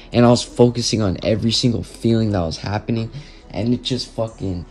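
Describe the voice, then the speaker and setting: A young man spins a rambling storytime for his viewers, cursing freely and calling out to the boys as he goes. His voice sits at an ordinary male pitch, loose and conversational. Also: darkish tone. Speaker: storytime vlogger.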